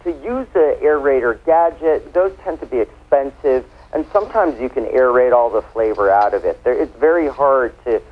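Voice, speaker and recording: A chatty man talks wine with easy, playful explanations, his voice sitting in a middling pitch. He comes through a thin, tinny phone line. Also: animated, moderate pace, hardly any pauses. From United States. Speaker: wine expert guest. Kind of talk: casual radio interview.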